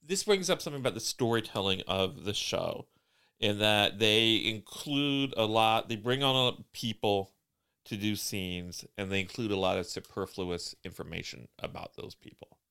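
Male podcast co-host, smooth clear voice, wry deadpan recapper. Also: on the low side, normal speed. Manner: dry, wry storytelling with deadpan teasing. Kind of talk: casual chat recapping a TV episode.

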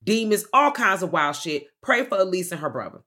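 A woman co-hosting a podcast recounts a film's plot in casual chat, animatedly acting out the characters' lines as she goes. Her voice sits on the low side and moves briskly.

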